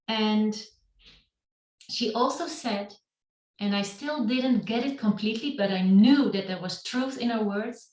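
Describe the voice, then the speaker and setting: A woman's voice: on the high side, a little mellow. A middle-aged woman, speaking on a video call, giving a reflective talk about her own life to a meetup. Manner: slow, reflective storytelling. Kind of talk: personal storytelling talk. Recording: roomy and distant from the mic.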